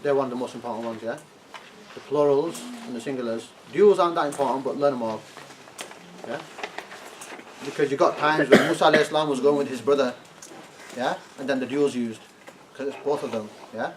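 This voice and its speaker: A man's voice: medium pitch, a little fast, pauses often. Man teaching a class, recorded from afar. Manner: checks in with "yeah?" often, prompts students to translate. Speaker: Arabic teacher. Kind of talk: classroom lesson. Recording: distant classroom recording, faint noise.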